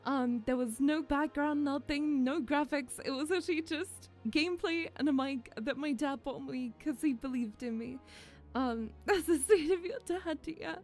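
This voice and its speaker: Young woman, very high voice, giggly, emotional, casual stream chat. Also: moderate pace, soft background music. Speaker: VTuber streamer.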